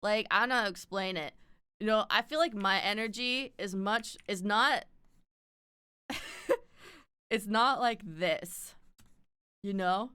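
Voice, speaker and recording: A woman's voice: mid-range voice, slow, long pauses, pushed and bright, clear, resonant tone, no echo, studio quality. A woman streamer chatting casually while she draws, swearing often and laughing a lot.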